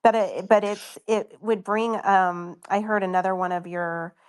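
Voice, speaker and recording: A woman's voice: medium pitch, fairly even intonation, measured pace, clean tone. A woman guest in a casual podcast chat, speaking thoughtfully and hesitantly, with many fillers. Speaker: guest, author.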